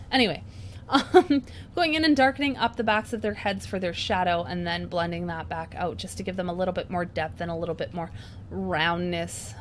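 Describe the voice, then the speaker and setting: A woman's voice: on the low side, slight background noise. A woman hosting a painting tutorial at her craft desk, chatty and self-mocking as she works, breaking into laughter. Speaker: craft channel host.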